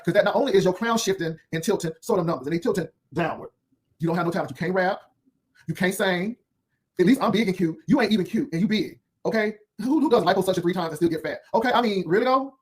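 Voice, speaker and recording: A man with a notably high voice rattles off sassy, cutting commentary at a breakneck clip. He rambles from one put-down to the next as he hosts his own video. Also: quick pace. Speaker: YouTube commentary host. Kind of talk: unscripted drama commentary.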